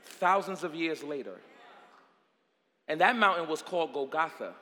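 A man preaching a sermon with drama, repeating phrases and swinging from hushed words to shouting. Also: fairly high pitch, expressive, normal speed, in a large hall.

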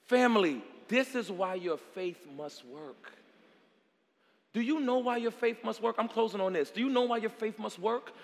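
A man preaching a sermon with drama, repeating phrases and swinging from hushed words to shouting. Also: high-pitched, normal speed, big-room sound.

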